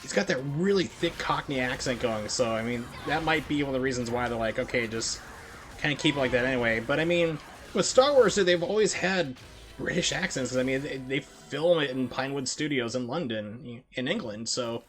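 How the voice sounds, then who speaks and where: A man's voice: medium pitch, expressive, normal speed. A young man chatting casually and rambling while he plays through a speedrun on a live stream. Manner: rambling, heavy on "like" fillers.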